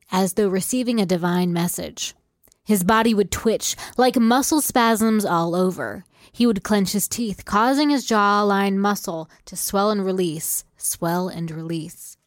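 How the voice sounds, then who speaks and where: A woman co-hosting a podcast, reading a passage aloud in an even narrating tone. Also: mid-range voice, no echo, clean studio sound. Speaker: podcast co-host. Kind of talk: casual chat and reading aloud.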